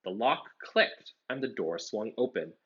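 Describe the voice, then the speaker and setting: A man reading a storybook aloud, pausing to explain words in simple terms. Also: lowish voice, husky. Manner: animated, explains words as he reads. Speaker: storybook reader. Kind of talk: read-aloud with explanatory commentary. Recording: dull lo-fi recording.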